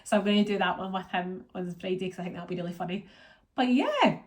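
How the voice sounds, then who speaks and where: A woman's voice: lowish voice, level tone, racing. A Scottish woman vlogging in a casual, rambling chat, sounding congested and run down from being ill. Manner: chatty, rambling, lots of fillers.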